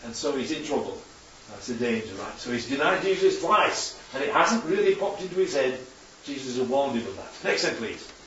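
A man's voice: mid-range voice, lively intonation, moderate pace, fairly bright tone, slight background noise. A man preaching a chatty sermon with slides to his congregation, constantly checking in with tag questions. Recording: echoey hall, distant dull mic.

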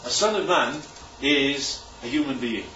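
A man preaching a sermon, animated and emphatic, often checking in with "right?". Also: mid-range voice, unhurried, a little hiss or hum. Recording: echoey room, distant mic, dull sound.

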